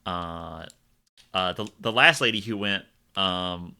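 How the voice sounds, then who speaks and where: A man narrating a tabletop game as game master, describing scenes in a halting, stop-start way. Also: sits low, gravelly, sharp tone, smooth.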